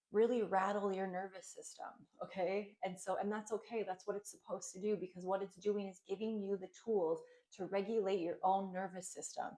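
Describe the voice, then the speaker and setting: Woman yoga teacher, chatty and informal, lots of ums and likes, mid pitch. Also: darkish tone. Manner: chatty, with many ums and likes, laughing lightly. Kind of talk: casual spoken yoga class instruction.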